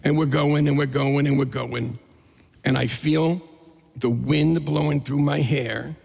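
A man telling a funny story to a crowd in an animated, playful, self-mocking way. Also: on the high side, unhurried, gravelly, husky, in a large hall. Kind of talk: live comedic storytelling.

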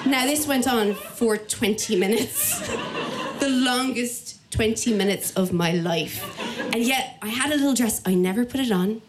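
A young Irish woman with a fairly high voice, spinning a comic story about herself. She's lively and self-mocking, and she jumps into the voices of the people she meets. There's a faint hiss of noise under her. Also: measured pace. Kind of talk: comic personal story told to an audience.

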